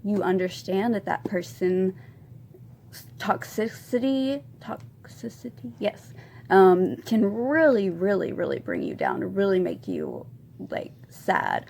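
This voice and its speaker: A woman in her twenties telling a confessional story as a vlogger, rambling with many ums and soft laughs. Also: mid-range voice, sing-song, unhurried. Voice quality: gravelly vocal fry. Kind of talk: storytime vlog.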